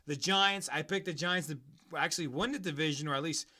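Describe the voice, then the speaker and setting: High-voiced, sharp-toned ranting man. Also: a little fast. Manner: profane, heated, mocking. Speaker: podcast host. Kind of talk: casual sports podcast rant.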